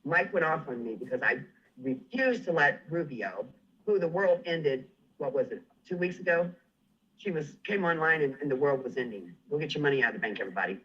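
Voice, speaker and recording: A man's voice: fairly high pitch, expressive, brisk, a bit bright, husky. A man on a livestream, ranting furiously and threatening someone, swearing and refusing to back down. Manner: furious, threatening, profane, defiant. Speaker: livestream guest. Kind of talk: angry livestream rant. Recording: muffled livestream audio.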